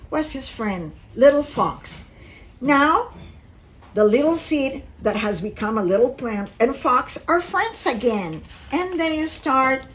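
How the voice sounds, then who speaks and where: A woman reading a picture book aloud to young listeners with expressive storytelling. Her voice sits a little high and carries a gentle teacherly tone. A faint hiss lingers in the background. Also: low-quality recording. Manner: expressive and slow-paced storytelling.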